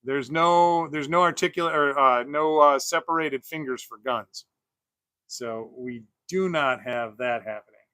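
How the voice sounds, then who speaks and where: A man's voice: medium pitch, unhurried, bright, forceful tone, no echo. A man hosting a casual toy-collecting livestream who rambles with lots of fillers and restarts. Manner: rambling, many fillers and restarts, laughs often. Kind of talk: casual livestream chat while unboxing.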